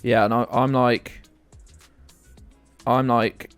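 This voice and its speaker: A man's voice: mid-range voice, level tone, slow pace, clear, resonant tone, dry recording, soft background music. A man from the UK chatting casually and rambling to viewers while streaming a game, often joking at his own expense. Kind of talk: casual live-stream commentary.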